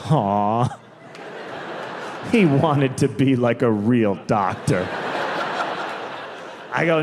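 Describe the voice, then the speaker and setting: A man with a mid-range voice takes his time, pausing often, as he performs stand-up storytelling in a theater. His delivery rambles with self-correcting asides and sudden emphatic bursts, captured live with long reverb and faint noise.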